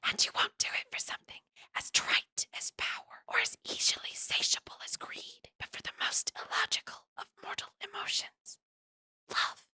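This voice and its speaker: A sinister old sage of dark magic, male and menacing, hisses every threat in a raspy whisper, as a woman puts him on. The sound is close and dry, with no room around it. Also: normal speed, no room sound.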